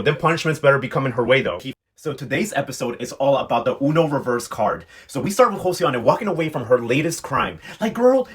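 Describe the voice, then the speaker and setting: A man's voice: a little high, breathy edge. A man giving a sassy, slangy, casual recap of a soap opera, talking straight to his viewers. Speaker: telenovela recap vlogger.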